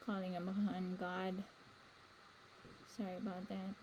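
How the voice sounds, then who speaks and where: A woman's voice: lowish voice, level tone, slow, a little mellow, muffled recording, a little hiss or hum. A woman hosting a spiritual livestream, talking earnestly and rambling with fillers. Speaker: livestream host. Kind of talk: casual spiritual talk.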